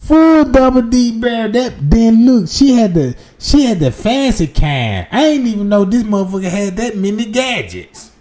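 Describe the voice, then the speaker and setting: A man hosting a livestream, telling a crude comic story in an animated rant that jumps between loud outbursts and low muttered asides. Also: moderate pace, hardly any pauses. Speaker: livestream host. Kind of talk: profane comedic storytelling rant.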